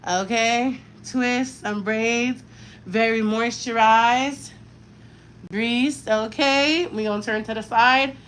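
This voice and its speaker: A woman in her thirties with a fairly high voice chats casually while she styles hair. She talks frankly in slang and drifts into lively tangents. A faint noise sits under her voice. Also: slow pace, low-quality recording. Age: 30s. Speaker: mother doing her daughter's hair on camera.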